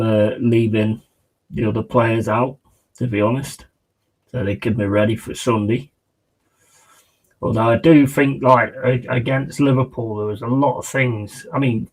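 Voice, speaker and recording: A man hosts a live football watch-along, talking in a loose, slangy, excitable way and calling his viewers mate. His voice sits at a middle pitch for a man. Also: rough recording. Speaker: football fan streamer.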